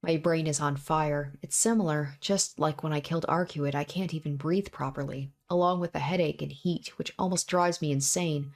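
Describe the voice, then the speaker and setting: A woman reading the first-person narration of a young man, in a grim, repetitive inner monologue from a visual novel. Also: deep voice. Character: young man narrating his own bloody fight. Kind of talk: visual novel read aloud.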